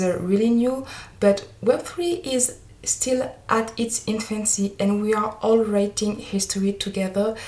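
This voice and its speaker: A woman's voice: medium pitch, a little mellow. Female podcast host with a French accent, talking off the cuff with some hesitation; recorded in an echoey room. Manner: hesitant, candid, apologetic. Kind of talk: unscripted solo podcast intro. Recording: roomy echo.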